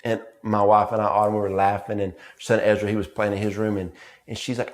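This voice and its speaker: A man's voice: on the low side, flat delivery, fast. A man preaching a sermon, telling family stories with rhythmic, repeated emphasis. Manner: storytelling with family anecdotes.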